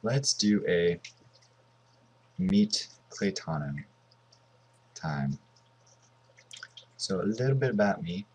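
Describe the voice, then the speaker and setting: A man's voice: fairly low pitch, wildly swooping pitch, slow pace, vocal fry, pauses often, a little mellow, breathy edge. A man in his twenties from Southern California, giving casual, rambling commentary over a mobile game. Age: 20s. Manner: rambling and offhand.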